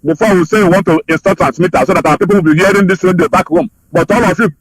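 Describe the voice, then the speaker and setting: A man's voice: sits high, steady tone, racing, slightly rough, no room sound, soft background music, poor audio. A man calling in to a radio show, speaking with urgent, fervent repetition. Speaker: caller. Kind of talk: phoned-in radio appeal.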